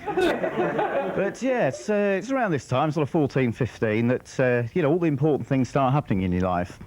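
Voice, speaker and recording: A man doing a stand-up comedy routine, rambling and deadpan, slipping into acted-out voices. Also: a little high, normal speed, a faint crowd. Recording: muffled, slightly noisy 1990s TV broadcast. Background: audience laughter.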